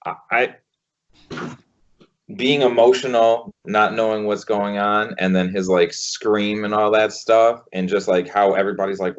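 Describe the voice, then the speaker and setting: A man co-hosting a casual podcast, talking haltingly with many fillers and some swearing. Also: fairly low pitch, steady tone. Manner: halting, filler-heavy, profane. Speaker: podcast co-host. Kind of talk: casual chat. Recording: dull lo-fi podcast audio.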